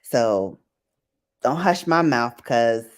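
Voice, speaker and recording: Woman on a laptop livestream, lively swoopy voice, laughs a lot, says hi to viewers. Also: very deep voice, extremely slow. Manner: animated, laughs often, greets viewers by name. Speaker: livestream host. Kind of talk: casual late-night livestream chat. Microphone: laptop mic.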